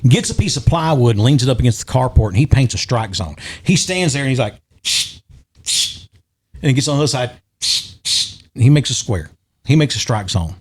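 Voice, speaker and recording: A middle-aged man with a drawl tells a story in a relaxed podcast chat, at an ordinary middle pitch. He keeps it lively and jumps into the voices of the people in his tale. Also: quick pace, breathy edge. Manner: animated, acts out quoted voices. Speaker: podcast guest or host.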